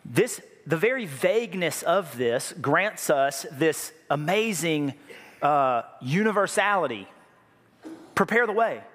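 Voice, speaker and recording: Joking preacher in a reverberant hall. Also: male voice, on the high side, slow. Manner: lively, joking asides, repeats key phrases. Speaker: pastor. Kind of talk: sermon.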